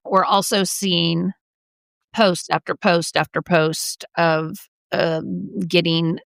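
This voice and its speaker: Middle-aged woman podcast co-host, gravelly, dry close sound, lively storyteller. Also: lowish voice, slow, no echo. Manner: animated storyteller, quotes people in lively voices. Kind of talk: casual podcast chat, storytelling.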